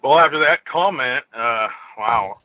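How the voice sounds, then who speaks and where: A male caller with a very bright, sharp tone and a pitch that leaps around as he jokes. He rambles and giggles between thoughts. The line is muffled and dry. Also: animated, a little slow, dry recording. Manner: joking, giggly, meandering. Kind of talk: casual call-in chat. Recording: lo-fi dry phone-in audio.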